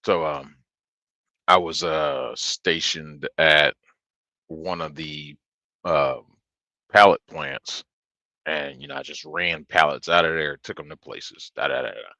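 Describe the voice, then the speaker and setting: A man telling a rambling story on a stream, swearing freely and filling gaps with ums. His voice is deep and his pace is slow. The tone is bright and forceful. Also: vocal fry, dry recording, lo-fi sound. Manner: profane, rambling, with many fillers. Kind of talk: casual storytelling chat.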